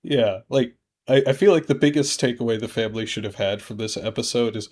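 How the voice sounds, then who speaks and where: A man's voice: mid-range voice, brisk, darkish tone. Laughing man in loose podcast chat. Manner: laughs often, loose and joking. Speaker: podcast panelist. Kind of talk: casual chat.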